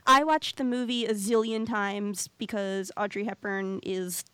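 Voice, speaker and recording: A woman co-hosting a podcast, talking in a quick, chatty, animated way. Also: mid-range voice, clear, resonant tone, dry recording. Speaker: podcast co-host. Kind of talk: casual podcast chat.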